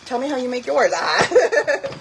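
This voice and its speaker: In a relaxed home-kitchen cooking vlog, a young woman speaks in a high, sing-song voice at an unhurried pace, chatting freely with frequent fillers and bits of Spanish. She's recorded on a phone on a tripod, and the audio is poor with a little hiss or hum.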